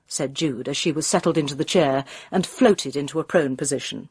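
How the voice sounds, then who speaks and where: A woman's voice: deep voice, a little fast, darkish tone, slightly rough, no room sound, clean studio sound. A woman reading a mystery novel aloud as narrator. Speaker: audiobook reader. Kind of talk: scripted narration.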